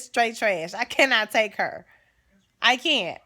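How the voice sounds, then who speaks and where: A young woman vlogger giving a sassy, animated, chatty recap of a TV episode. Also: on the high side, takes it slowly.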